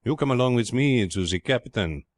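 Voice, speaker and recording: A man voicing a grim sailor who acts as interpreter and speaks in a flat, matter-of-fact way in a storybook reading. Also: mid-range voice, normal speed, dry recording, voice pushed up, natural voice.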